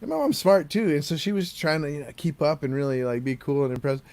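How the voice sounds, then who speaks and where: A man's voice: a little high, fast talker, darkish tone. A man co-hosting a podcast, telling a family story in a rambling, casual way and laughing easily. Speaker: podcast co-host.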